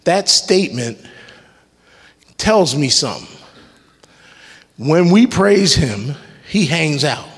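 A worship leader takes his sermon slowly, with long pauses and a sing-song delivery in a slightly high, somewhat bright, slightly rough voice. Preaching emphatically in a church sanctuary, he uses call-and-response and joking asides, and the hall's reverb is long.

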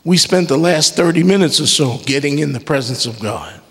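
A man preaches in a church sanctuary with a fairly high, husky, somewhat bright voice, lively intonation and a normal pace. As worship leader he is emphatic, using call-and-response and casual humor, and the recording has the long reverb of a church hall.

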